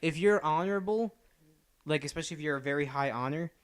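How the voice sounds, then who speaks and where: A man's voice: a little high, fast, clean tone, dry recording. A young man co-hosting a casual podcast, rambling enthusiastically about a video game with plenty of fillers. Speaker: podcast co-host. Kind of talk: casual chat.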